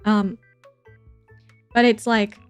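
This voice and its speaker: A woman's voice: fairly high pitch, level tone, very slow, clean tone. A young woman streamer chatting casually as she reacts to stories, laughing often and swearing freely. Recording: dry close mic with faint music behind.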